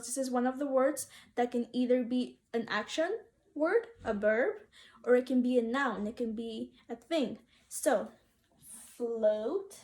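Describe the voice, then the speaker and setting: Slow, clear-spoken woman teaching phonics. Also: on the high side, dark tone. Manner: slow, clearly sounded-out words with call-and-response prompts. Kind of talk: phonics lesson for young children.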